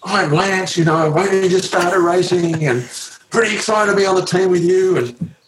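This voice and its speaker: A gushing, starstruck young athlete, as a man puts him on, his voice jumped well up high and running on with excited chatter. The sound has a roomy echo with a faint hum of ambience behind it. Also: natural voice. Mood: eager. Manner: excited, fast-babbling admiration.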